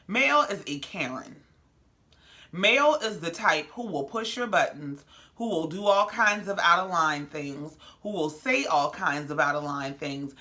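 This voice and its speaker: A woman's voice: fairly low pitch, sharp tone. A woman hosting a reality TV recap, talking in a sassy, blunt, slangy way. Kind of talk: casual commentary.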